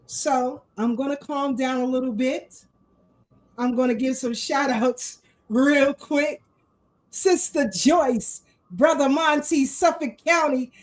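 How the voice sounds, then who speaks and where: A woman hosting a casual live talk show, animated and fired up, greeting her viewers with shout-outs. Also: sits high, slow, rough recording. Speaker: host.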